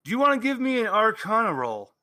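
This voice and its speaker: Bright-voiced man running a tabletop game. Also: high-pitched, sing-song, no echo. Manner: halting, restarts mid-sentence while describing scenes. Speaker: game master.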